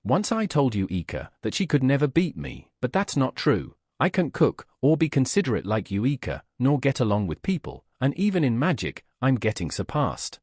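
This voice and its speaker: A man reading the lines of a reserved, socially awkward young woman mage in a comic recap, in his own husky voice. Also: mid-range voice, wildly swooping pitch, moderate pace, few pauses, darkish tone, dry recording, studio quality. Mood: subdued.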